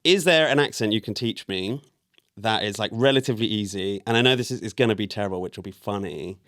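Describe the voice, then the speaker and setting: A man's voice: on the low side, quick pace, a bit bright, no echo, clean studio sound. Teasing male podcast host. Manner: teasing, banters, laughs. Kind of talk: casual chat.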